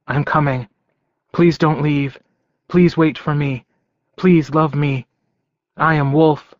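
A man narrating an audiobook in first person, with a slow, rhythmic, repetitive delivery. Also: fairly high pitch, no room sound, highs cut off.

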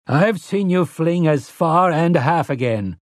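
A man's voice: on the high side, expressive, unhurried, no echo, clean studio sound, pitched above the performer's own voice. A man voicing a firm, plain-spoken middle-aged farmer.

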